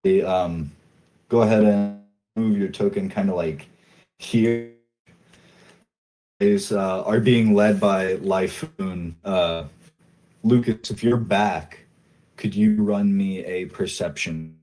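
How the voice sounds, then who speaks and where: Slow, mellow-voiced male game master. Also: deep voice, low-quality recording. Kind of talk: narrating a tabletop game.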